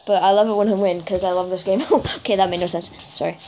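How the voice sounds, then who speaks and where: A woman giving chatty let's play commentary for her gaming channel, getting excited and keeping on apologizing for freaking out. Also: fast, a little hiss or hum. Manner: excitable and chatty, jumps to high squeals over goals; self-conscious, keeps apologizing for freaking out.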